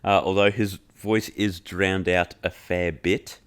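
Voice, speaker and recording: A man's voice: sits low, flat delivery, slow, a bit bright, smooth. A man hosting a podcast and reviewing an album in casual chat, loose and joking, leaning on "like" and swearing freely.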